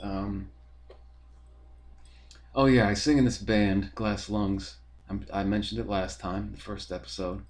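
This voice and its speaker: A man's voice: lowish voice, fairly even intonation, a little slow, long pauses, darkish tone. A young man, talking in a rambling, profane, casual monologue full of fillers as a podcast host.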